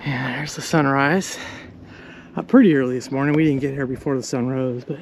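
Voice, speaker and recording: A man's voice: medium pitch, fairly quick. A man narrating a casual vlog while hiking a mountain trail outdoors, chatty and out of breath from the climb. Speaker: vlogger. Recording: noisy outdoor recording.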